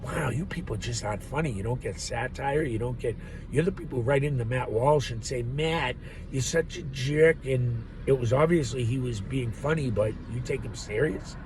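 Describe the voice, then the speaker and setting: A man's voice: medium pitch, fairly quick, noisy background. A man rambling through a profane, laugh-filled monologue as a vlogger. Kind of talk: ranting monologue.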